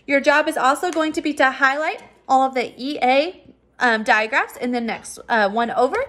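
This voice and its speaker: A woman teacher giving a recorded phonics lesson for children, patient and sounding out words slowly. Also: high voice, bright, forceful tone.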